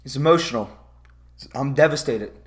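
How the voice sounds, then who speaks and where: A man's voice: medium pitch, moderate pace. A man giving a profane, sarcastic commentary rant about a movie, sounding exasperated. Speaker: movie reviewer.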